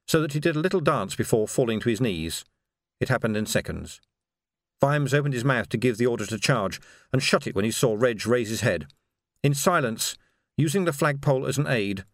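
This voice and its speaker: A man reads a novel aloud in a steady, measured way, his pitch in the middle range. The recording is dry and close, with no room sound at all. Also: no echo. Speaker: audiobook narrator. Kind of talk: audiobook narration.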